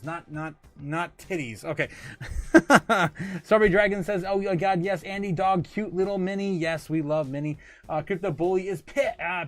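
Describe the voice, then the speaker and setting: Hosting a crypto livestream, a man with a somewhat high, slightly bright voice casually reads out viewer comments. He laughs often and sounds hesitant, leaning on lots of filler words.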